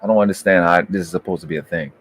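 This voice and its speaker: A man hosting a debate review, ranting in heated, profane commentary that berates and swings up into shouting. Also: sits low, fairly even intonation, racing.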